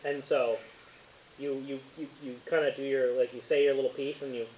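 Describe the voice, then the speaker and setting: A man's voice: mid-range voice, level tone, a little fast, a little mellow. A man acting as game master, narrating a tabletop game in a rambling, casual way with lots of fillers. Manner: rambling, filler-heavy, laughs often. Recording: roomy, dull lo-fi with faint hiss.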